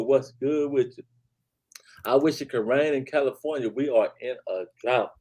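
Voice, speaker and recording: A man hosting a casual live-stream talk show, speaking. His voice is mellow and dark at an ordinary pitch. He talks in an easy, laid-back way, sprinkling "man" and "y'all" throughout. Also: moderate pace. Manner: laid-back, repeats "man" and "y'all", reads chat aloud.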